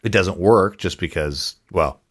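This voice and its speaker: A man's voice: low-pitched, a little slow. A man co-hosting a podcast in casual chat, rambling with frequent restarts and chuckles. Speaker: podcast co-host.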